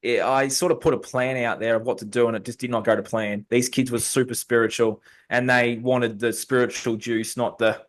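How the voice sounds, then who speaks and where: A man's voice: mid-range voice, brisk, few pauses. A man, a youth coach, telling a story in casual conversation on a video call and acting out the people in it. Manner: animated storyteller, acts out dialogue.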